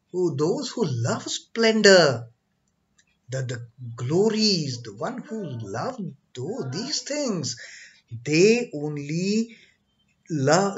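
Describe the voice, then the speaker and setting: A man's voice: sits high, fairly bright tone, dull audio. A man reading scripture and explaining it in his own words, rephrasing and repeating himself as he goes. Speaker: scripture reader and teacher. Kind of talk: scripture reading with spoken commentary.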